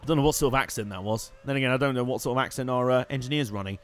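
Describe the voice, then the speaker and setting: A man giving wry, chatty live commentary while playing a racing game, swearing and reacting loudly to the action. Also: medium pitch, rapid-fire. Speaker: streamer.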